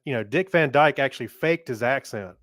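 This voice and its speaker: A man's voice: mid-range voice, animated, a little fast, a bit bright, no echo, clean studio sound. A man co-hosting a casual podcast, playful and teasing, laughing often. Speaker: podcast co-host. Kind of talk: casual chat.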